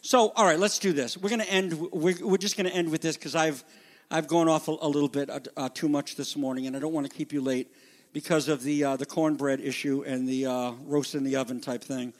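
A man preaching a sermon as pastor, emphatic and ad-libbing with drawn-out stresses. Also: a little high, steady tone, in a large hall.

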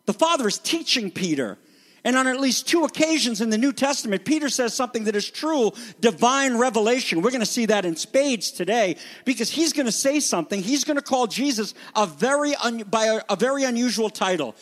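High-pitched male pastor, emphatic and dramatic, preaching a teaching sermon. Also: lively intonation, fairly quick. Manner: emphatic, dramatic teaching that acts out quoted voices. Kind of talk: expository sermon.

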